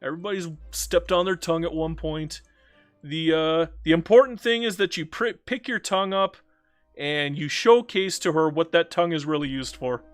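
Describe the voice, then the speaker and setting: A man streaming a strategy game, chatting casually with viewers and joking to himself, swinging between loud outbursts and low mutters. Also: normal speed, faint music behind. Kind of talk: casual live-stream commentary.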